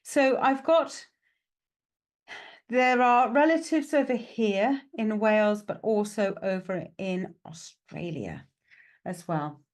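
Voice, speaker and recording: In a medium-pitched voice and at a slow pace, a woman gives a chatty, reassuring live psychic mediumship reading. Fillers like "okay" and "right" come up often, as do self-mocking asides where she laughs at herself.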